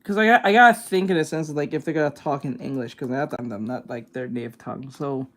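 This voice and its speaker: A man's voice: on the high side, quick pace, fairly bright tone. A man streaming live, chatting casually with viewers in a rambling, hesitant way, full of fillers and restarts. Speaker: art streamer reacting to videos.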